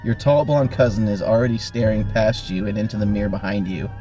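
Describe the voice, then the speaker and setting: With music running in the background, a podcast host performs a gamebook reading full of animation and drama. His voice sits on the low side, and he keeps a brisk pace.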